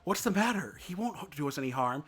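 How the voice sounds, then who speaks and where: A man voicing an earnest young male deer, talking a little higher than his own voice. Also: very animated, fairly quick, a bit bright, breathy edge, full character voice. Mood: soothing.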